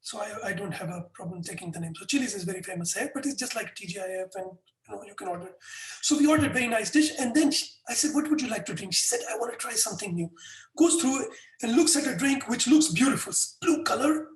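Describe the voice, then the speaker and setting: A man's voice: high-pitched, quick pace. Echoey, distant middle-aged man telling stories. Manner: animated anecdotes with frequent restarts. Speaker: guest. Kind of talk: conversational storytelling. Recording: echoey room, distant mic.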